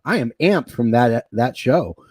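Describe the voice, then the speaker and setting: A man co-hosting a wrestling podcast in casual chat, excitable and joking, rambling with fillers. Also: mid-range voice, unhurried, no echo. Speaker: podcast co-host.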